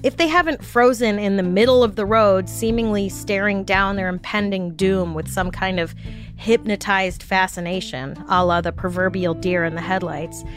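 A woman's voice: mid-range voice, steady tone, normal speed, faint music behind. A woman hosting a podcast, narrating a scripted story with wry, jokey asides. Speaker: podcast host.

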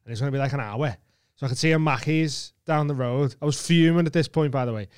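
A man's voice: medium pitch, fast, smooth, dry recording, clean studio sound. A man co-hosting a podcast, telling a story in casual chat with plenty of swearing. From England. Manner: swearing, animated anecdote with laughs. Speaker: podcast co-host.

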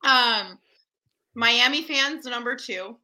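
A woman guest telling a story in casual chat, animated and full of fillers. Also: a little high, slow pace, rough recording. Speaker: podcast guest.

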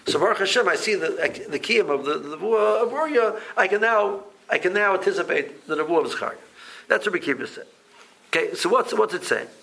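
A man teaching a Talmud class, speaking in a halting way with many restarts and repeated words. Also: high voice, expressive, gravelly, sharp tone, husky, poor audio. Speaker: Torah teacher.

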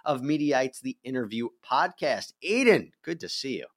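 A man hosting a legal news show, presenting a story in a clear, measured way with stressed key words. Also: medium pitch, sing-song.

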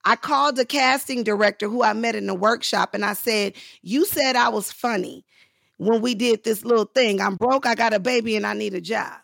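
Animated woman telling stories, slightly gravelly. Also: normal speed, dry recording, studio quality. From Los Angeles. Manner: acts out quoted voices with big pitch jumps, laughing, lively. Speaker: actor, interview guest. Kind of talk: animated storytelling in a podcast interview.

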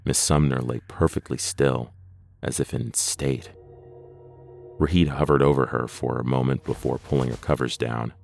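A man narrating a horror story in a measured, deliberate scripted reading. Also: a bass voice, fairly even intonation, gravelly, a little mellow, slight background noise.

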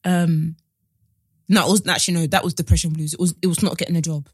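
A woman, co-hosting a casual podcast and telling stories with lively acted-out voices. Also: quick pace, breathy edge, no room sound, studio quality. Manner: animated storytelling, acts out quoted voices with big pitch jumps. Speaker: podcast co-host. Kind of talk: casual chat.

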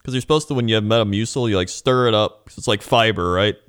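A man's voice: lowish voice, fast talker, a bit bright, clean tone, no echo, studio quality. A man co-hosting a podcast in casual chat, laid-back and easily amused. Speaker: podcast co-host.

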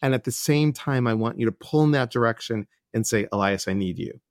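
In a crisp studio recording free of room sound, a middle-aged man who hosts a podcast and works as a life coach talks briskly at a medium pitch. During this casual interview he earnestly narrates stories, voicing what others said with animation.

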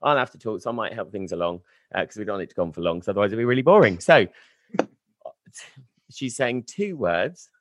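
A man hosts a party game and narrates it as it goes. His pitch swings widely and the sound is dry and close. He talks quickly and laughs often. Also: no room sound. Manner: lively, laughing, fast commentary. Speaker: host. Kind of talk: running commentary on a party game.

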